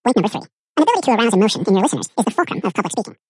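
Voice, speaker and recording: A woman reading a scripted book summary in an even, measured narration. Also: medium pitch, husky, dry recording.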